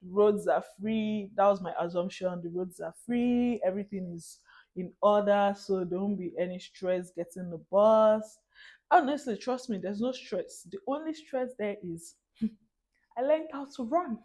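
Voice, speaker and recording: Animated Nigerian woman telling stories. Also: mid-range voice, moderate pace. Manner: animated, laughs often, mixes in Nigerian Pidgin. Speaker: vlogger. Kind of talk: casual storytelling monologue.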